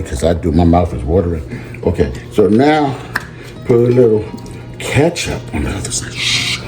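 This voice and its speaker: A man's voice: fairly low pitch, darkish tone. A man hosting a playful home cooking show in his kitchen, talking in a silly, sing-song way. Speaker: cooking show host and teacher.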